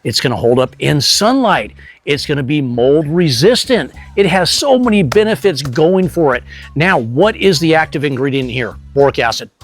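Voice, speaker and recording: A man hosting a pest control channel, giving an energetic, salesy product demonstration straight to the viewer. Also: on the high side, moderate pace, faint music behind. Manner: energetic, salesy, direct to camera.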